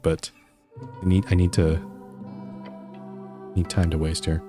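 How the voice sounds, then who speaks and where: A male game streamer talks in a low, relaxed voice, reacting wryly and trailing off mid-sentence. Soft music sits faintly in the background. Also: measured pace, pauses often. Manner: chatty, wry, laughs and trails off. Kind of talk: casual live commentary while playing.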